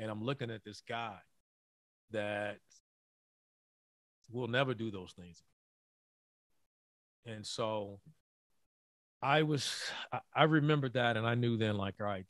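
A middle-aged man, a former college basketball player, telling an earnest story in a podcast interview, often halting and repeating words. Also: on the low side, a bit bright, no room sound.

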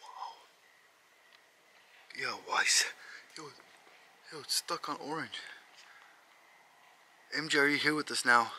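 Scared young guy vlogging outside at night, breathless and hushed, noisy camera mic with cars going by. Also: mid-range voice, measured pace, long pauses. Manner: frightened, breathless, hushed and jittery. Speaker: ghost-hunting vlogger. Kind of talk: tense casual vlog narration. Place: outdoors at night by his car. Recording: noisy outdoor camera audio.

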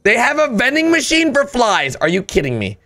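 A man hosting a casual reaction commentary in an excitable way, often bursting into loud laughter and gasps. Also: very high voice, a little fast. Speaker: host.

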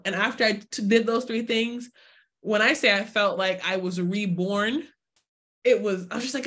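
A woman's voice: mid-range voice, normal speed. Woman in her 20s doing a live online workshop, chatty, mid-range voice, asks folks to drop comments in the chat. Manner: lively, acts out her own inner voice in quotes; addresses viewers directly, asks for chat replies. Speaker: summit speaker.

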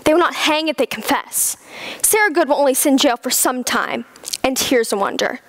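A woman's voice: high-pitched, moderate pace, no room sound. A girl playing a defiant eighteen-year-old servant girl. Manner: excitable, insistent, defiant. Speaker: student actor. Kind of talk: school stage play acting.

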